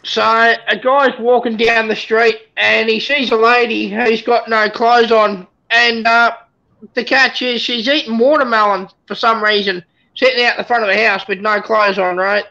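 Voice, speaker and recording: A livestream guest telling rambling jokes in a deadpan, casual way. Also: mid-range voice, moderate pace, gravelly. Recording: lo-fi stream audio.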